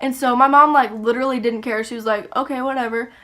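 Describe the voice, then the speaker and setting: High-voiced young woman telling a story. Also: fast. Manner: animated, swears freely, acts out the voices in her story. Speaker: YouTuber. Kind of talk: casual storytime.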